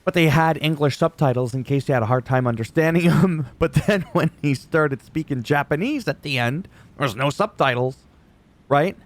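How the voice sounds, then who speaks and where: A man's voice: a little high, moderate pace, dry recording. A man recapping a wrestling show in casual commentary, rambling off on tangents and swearing casually.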